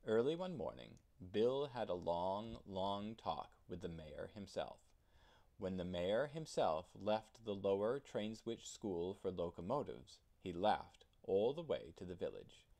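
A man narrating a children's storybook in an expressive storytelling manner. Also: deep voice, unhurried, vocal fry. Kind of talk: children's storybook read-aloud.

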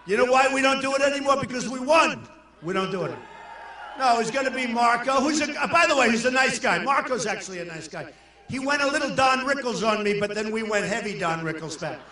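Older man shouting a rally speech in an echoey hall. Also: very high-pitched, fairly quick, recorded from a distance. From New York. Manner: boastful, rambling, shouts lines to the crowd. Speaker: political candidate at a rally. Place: large indoor arena.

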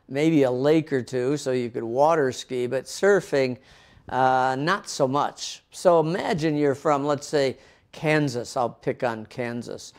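A man's voice: mid-range voice, a little mellow. A middle-aged man from the Midwestern United States, a pastor preaching a sermon and easing in with a casual story, often restarting his words. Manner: storytelling with frequent restarts and fillers. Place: home in a coastal town, recorded for online service.

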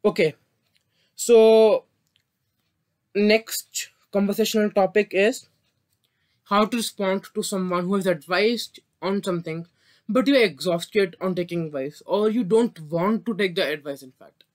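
A man's voice: sits high, a little slow. Man teaching vocabulary, stumbling now and then. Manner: stumbles and apologizes for slips. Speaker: English teacher. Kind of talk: vocabulary lesson read from a script.

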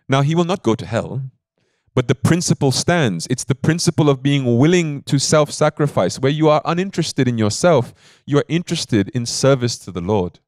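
A man's voice: medium pitch, expressive, moderate pace, darkish tone, no echo, studio quality. A man giving a devotional sermon as a spiritual teacher, telling a story in an emphatic, conversational way and often checking in with his listeners.

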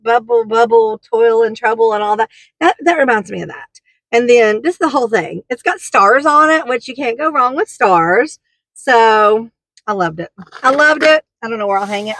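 Brief: chatty woman vlogger, fairly high voice, dry close sound. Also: fairly bright tone, no echo, rough recording. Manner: chatty, gushing, rambling with fillers. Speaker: haul vlogger. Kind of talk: casual product haul chat.

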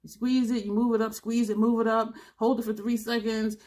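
A woman's voice: on the high side, level tone, a little fast, a little mellow. A woman in her fifties chatting casually to camera as a beauty vlogger, blunt and rambling, laughing now and then, a little tired. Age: 50s.

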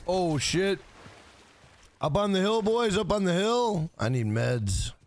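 A man's voice: high voice, animated, slow, a little hiss or hum. A man live-streaming a video game, swearing often and greeting viewers in chat by name. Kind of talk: live gaming stream commentary.

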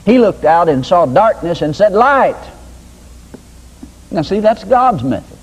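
A man's voice: high-pitched, sing-song, normal speed, darkish tone, husky, low-quality recording. An older man preaching a sermon in a folksy, conversational way with homespun examples. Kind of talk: sermon teaching.

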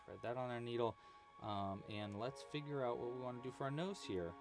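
A man hosting a casual crochet livestream, talking quietly to himself as he works and chatting with viewers, with faint music behind. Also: mid-range voice, brisk. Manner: relaxed, murmurs to himself while working, chatty with viewers.

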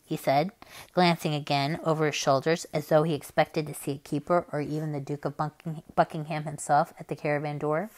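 A woman reading tutor reading a children's novel aloud with expressive narration. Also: low voice, fairly quick.

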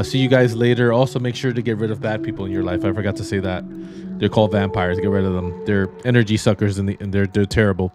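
A man giving casual, rambling gameplay commentary as a YouTuber, easily exasperated and laughing often. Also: fairly low pitch. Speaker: gaming YouTuber. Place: home room with white background.

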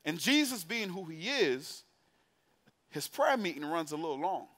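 A man's voice: fairly high pitch, sing-song, unhurried, a bit bright. A man preaching to young adults in a church, telling a story in a playful, conversational way and putting direct questions to the congregation. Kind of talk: storytelling sermon. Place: church sanctuary.

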